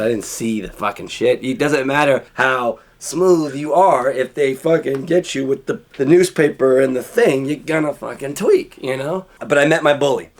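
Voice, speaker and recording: A man telling a childhood story in a casual, profane way, acting out scenes with sudden shouts and hushed asides. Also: mid-range voice.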